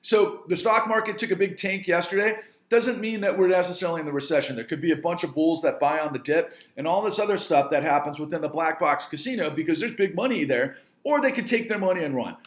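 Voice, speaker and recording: A filmmaker and entrepreneur rants angrily to camera, speaking straight to his audience with emphatic repetition and mild swearing. His voice is a little high and fast with few pauses, and the room sounds echoey.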